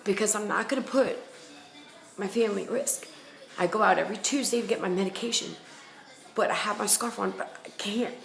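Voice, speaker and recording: Blunt New woman vlogger, low gravelly voice, emphatic and repetitive, echoey room with faint music. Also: fairly quick. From the Bronx, New York. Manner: emphatic and blunt, repeating phrases for weight. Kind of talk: candid personal storytelling to camera.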